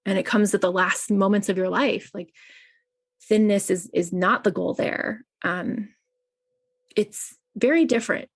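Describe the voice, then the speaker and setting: A woman's voice: mid-range voice, steady tone, measured pace. A woman who works as a chaplain, a podcast guest, speaking earnestly and telling personal stories with frequent fillers. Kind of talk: personal conversation.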